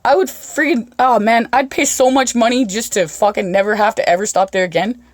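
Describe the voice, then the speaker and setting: A woman's voice: on the high side, a little fast, no echo. A woman hosting a podcast, swearing constantly and laughing her way through rambling road-trip stories. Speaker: podcast host. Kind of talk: casual storytelling chat.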